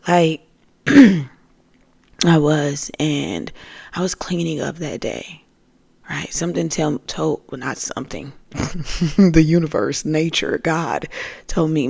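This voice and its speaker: Gravelly, husky spiritual podcast storyteller. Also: medium pitch, dry recording. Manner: animated, swinging between loud outbursts and hushed whispers; addresses listeners as family, streetwise slang. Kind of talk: casual storytelling monologue.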